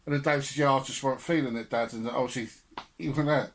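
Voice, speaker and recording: A man's voice: mid-range voice, fast talker. A young man on a podcast telling family stories with laughter and swearing in casual chat. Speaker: podcast co-host.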